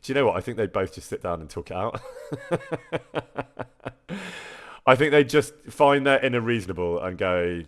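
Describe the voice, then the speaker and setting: A man's voice: fairly low pitch, expressive, normal speed, long pauses. A man, chatting casually on a live stream and answering viewer questions, self-deprecating and laughing often. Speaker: streamer and actor.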